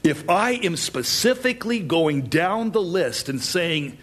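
A man preaching a sermon, earnest, with dramatic pauses and rising emphasis. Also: a little high, sing-song, a bit bright, husky. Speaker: pastor.

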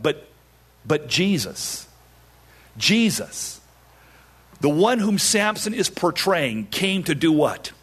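A man's voice: a little high, very animated, takes it slowly, long pauses, fairly bright tone, breathy edge. A middle-aged male pastor preaching a sermon, emphatic and repeating his phrases for weight.

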